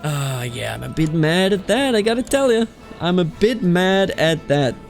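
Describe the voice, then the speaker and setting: A man with a high-sitting, gravelly voice talks at normal speed while hosting a strategy game let's play, soft music playing behind him. Hailing from Bavaria, he chats casually, reads out game events, and is animated, with exasperated outbursts and frequent use of "dude."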